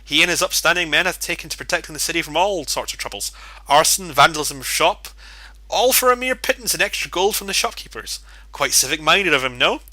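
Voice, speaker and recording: Casting: a sarcastic boastful bard with a bright, sharp edge, read by a man, dry close sound. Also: a little high, expressive, brisk, no room sound. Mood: sardonic. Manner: mock-archaic, dry irony. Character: sly, sarcastic male bard, theatrical and boastful.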